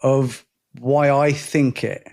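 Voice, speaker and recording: A man's voice: medium pitch, steady tone, slow, vocal fry, a little mellow. A man co-hosting a casual podcast chat, rambling, restarting his sentences and laughing often. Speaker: podcast co-host.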